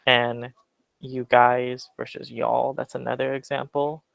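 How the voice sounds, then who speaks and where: A man with a General American accent, teaching an English class in a relaxed, explanatory way with many fillers. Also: mid-range voice, measured pace, gravelly, no room sound, rough recording. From Western United States. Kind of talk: classroom lecture.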